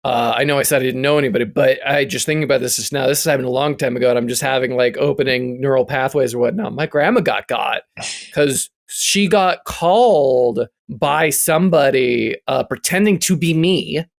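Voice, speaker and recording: A man co-hosting a podcast, telling a story in rambling casual chat, swearing and laughing often, with a gravelly voice. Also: medium pitch, normal speed. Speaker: podcast co-host.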